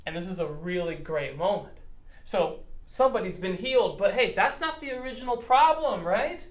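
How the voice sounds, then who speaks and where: Playful pastor telling children a Bible story. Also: male voice, high voice, moderate pace. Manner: animated, playful storyteller, voices the characters. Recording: roomy echo.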